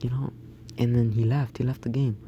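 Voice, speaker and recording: A man's voice: medium pitch, level tone, fairly quick, mellow, dull audio, a little hiss or hum. A young man telling a story over gameplay in a casual, rambling way, often restarting his sentences. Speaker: gaming YouTuber.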